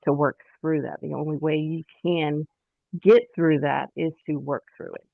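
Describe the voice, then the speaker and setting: A woman speaking candidly in a casual conversation, halting and self-deprecating, over a call. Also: low voice, steady tone, vocal fry. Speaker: guest sharing her story. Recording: tinny phone line.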